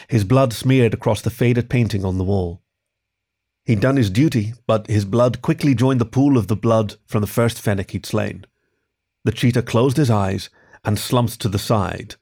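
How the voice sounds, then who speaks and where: A man hosting a podcast and narrating a story in a lively, expressive reading style. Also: fairly low pitch, gravelly.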